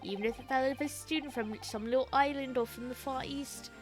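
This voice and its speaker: A woman voicing a pompous, smooth-talking older gentleman standing trial, speaking in flowery, grand phrases. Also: high voice, fairly even intonation, brisk, faint music behind, lightly acted. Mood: grandiose.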